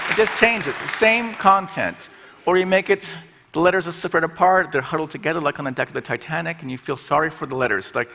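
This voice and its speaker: A middle-aged man gives a playful conference talk from the stage of a large hall, slipping into little put-on voices as he explains. His voice is fairly high-pitched with a sharp tone. The hall's long reverb carries through the recording.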